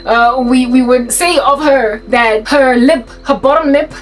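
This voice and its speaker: A woman casually telling a story, animated and often breaking into laughter. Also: high voice, unhurried, slight background noise, low-quality recording. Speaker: faith vlogger.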